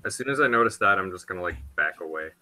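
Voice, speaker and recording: A man playing in a tabletop game, speaking quietly and hesitantly. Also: sits low, animated, rapid-fire. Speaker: player. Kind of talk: casual tabletop play.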